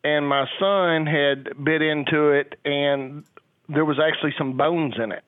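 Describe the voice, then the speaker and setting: A man's voice: on the high side, steady tone, a little slow, no echo. An older man on a phone call, a father who talks in a rambling, hesitant way with many fillers. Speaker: caller, a father. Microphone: telephone. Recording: tinny phone line.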